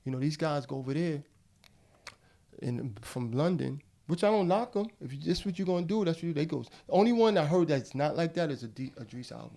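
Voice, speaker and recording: A man's voice: a little high, lively intonation, fairly quick, warm tone. A middle-aged man who is a guest actor, talking casually on a podcast in slangy, loose speech. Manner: slangy and loose, calls people bro. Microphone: studio podcast mic.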